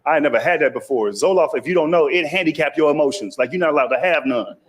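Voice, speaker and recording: A man's voice: fairly high pitch, quick pace, background noise. A man from Texas with a Texas accent, telling a stand-up comedy story and acting out the voices of other people.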